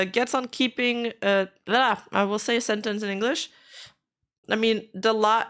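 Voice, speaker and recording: A woman's voice: fairly high pitch, fairly bright tone, smooth. A woman streamer giving casual commentary while reading out posts, skeptical and frustrated, speaking bluntly and swearing now and then.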